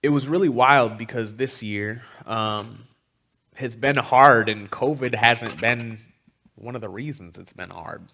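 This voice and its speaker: A man's voice: mid-range voice, measured pace, sharp tone. A man giving a personal storytelling talk as a guest teacher, speaking candidly and conversationally, with frequent ums. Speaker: guest teacher at a spiritual community.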